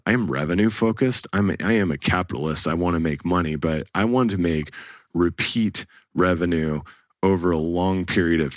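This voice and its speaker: A man's voice: sits low, no echo, studio quality. A man giving a blunt, casual sales talk as a real estate broker, often laughing at his own stories. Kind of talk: instructional talk to camera.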